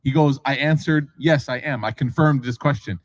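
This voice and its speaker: This preacher has a medium-pitched voice and a moderate pace, recorded roughly with no room sound. He tells a religious story in a relaxed lecture style, lively in performing the characters' voices and full of asides to the audience.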